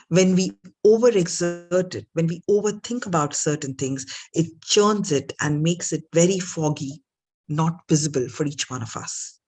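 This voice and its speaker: A woman's voice: on the low side, husky. A woman telling motivational stories in an earnest, reflective way. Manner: earnest, reflective, acts out the voices of her characters. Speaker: storyteller. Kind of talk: motivational storytelling talk.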